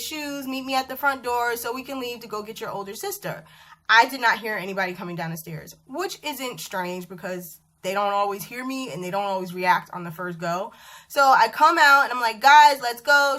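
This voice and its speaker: A woman in her thirties telling a story to camera at home in a chatty, animated vlog style. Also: a little high. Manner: animated, chatty, acts out dialogue. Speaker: vlogger. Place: bedroom at home.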